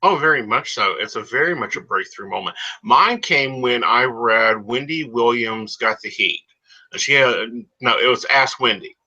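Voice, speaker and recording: A man co-hosting a psychic talk show, emphatic and self-assured. His voice is sharp and very bright, and the recording sounds dull and lo-fi. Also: mid-range voice, moderate pace. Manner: emphatic, confident, calls people honey. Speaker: psychic co-host. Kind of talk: casual chat on a live show. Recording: dull lo-fi audio.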